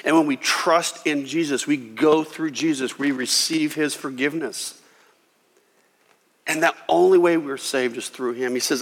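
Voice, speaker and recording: A man preaching a sermon as a pastor, animated, voicing Jesus and God in quoted lines. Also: on the high side, measured pace. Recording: reverberant hall.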